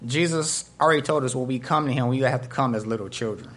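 Speaking quickly in a mid-range voice, a male pastor delivers an animated storytelling sermon. He acts out the voices of the characters as he goes.

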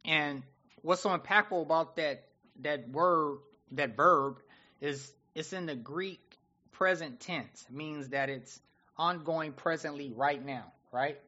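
A man preaching a sermon in an animated, conversational way, often acting out what people say. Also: a little high, takes it slowly, dull audio.

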